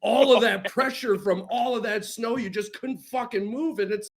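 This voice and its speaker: A man's voice: sits high, normal speed. Emphatic man, podcast host. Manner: reactive, emphatic, swears casually. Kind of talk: casual chat.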